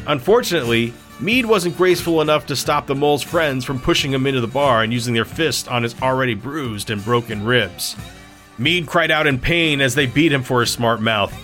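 A man's voice: mid-range voice, lively intonation, brisk, fairly bright tone. Man narrating a story over faint music. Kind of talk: audiobook narration.

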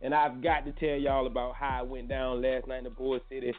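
A man hosting a morning radio show, talking in loose, slangy, joking banter that jumps up in pitch when he gets excited. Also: a little fast. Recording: tinny phone-like sound with faint music.

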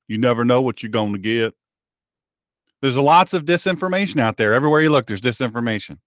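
A man's voice: medium pitch, animated, fast, no room sound, clean studio sound. A male radio show host and pastor, talking in a folksy, sarcastic monologue with a joking mock-drawl.

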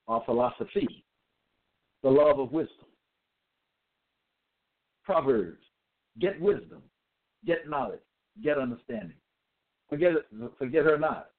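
A man reads scripture in a religious monologue, his voice mid-pitched as he hammers every point. Emphatic repetition marks his delivery, and he draws out the words he stresses, all heard through thin, tinny, phone-like sound.

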